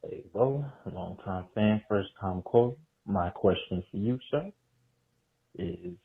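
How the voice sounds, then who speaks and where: A man leaving a slow, polite voicemail question for a podcast host. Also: on the low side, vocal fry, breathy edge. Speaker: voicemail caller. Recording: tinny phone-line voicemail.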